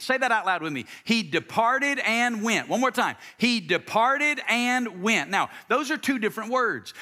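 A man's voice: high-pitched, sharp tone. A man in his fifties, a pastor preaching a sermon with emphasis and having the audience repeat lines after him.

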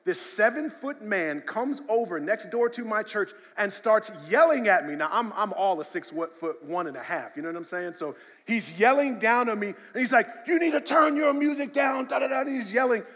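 A male pastor preaching a sermon, swinging from shouted emphasis to quiet storytelling. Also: high-pitched, animated, moderate pace, hardly any pauses. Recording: long hall reverb.

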